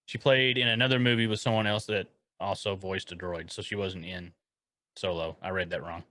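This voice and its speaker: A man's voice: low voice, steady tone, brisk, pushed and bright, dry recording, studio quality. A man co-hosting a casual podcast, joking and riffing on wordplay with his co-host. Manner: jokey, wordplay banter. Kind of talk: casual chat.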